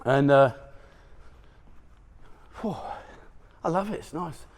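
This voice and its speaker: Slight background noise accompanies a middle-aged vlogger's slow, slightly high voice as he walks a city street at dawn with a handheld camera. In this walk-and-talk street vlog he chats and jokes, often chuckling at his own remarks.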